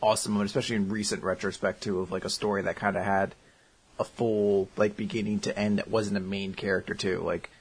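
A man co-hosting a podcast chats casually and jokes around while reading out listener answers, animated and putting on silly voices when he quotes them. His voice is fairly low with a breathy edge, and he talks briskly.

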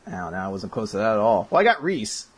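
A man hosting a casual podcast chat, excitable and rambling, laughing often as he reads listener questions. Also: on the low side, quick pace, breathy edge.

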